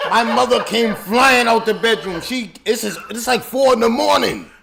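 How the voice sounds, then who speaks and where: High gravelly man telling loud stories. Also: moderate pace, a crowd in the background. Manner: loud, laughing, animated storytelling. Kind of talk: casual storytelling chat.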